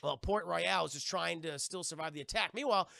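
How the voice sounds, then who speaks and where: A man rambles through a comic movie recap, swearing constantly and jumping into the characters' voices. His voice sits high with heavy gravel and a bright, forceful edge. The sound is close and dry. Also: fast talker, dry recording.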